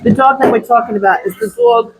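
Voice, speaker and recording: Chatty high-voiced woman groomer. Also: fast talker, poor audio. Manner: chatty, animated storytelling with sudden high exclamations. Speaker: dog groomer. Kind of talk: casual chat while grooming. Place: grooming salon.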